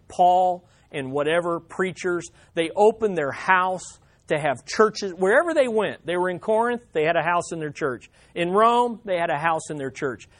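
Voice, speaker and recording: A male preacher giving a conversational Bible teaching, often putting questions to his listeners. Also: a little high.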